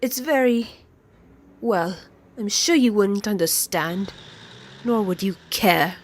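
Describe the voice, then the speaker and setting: A woman voicing a gentle, devoted female train engine in a fan audio drama, speaking earnestly and with feeling. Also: medium pitch, slow, slight background noise, natural voice. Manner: earnest and heartfelt, emotional. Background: music.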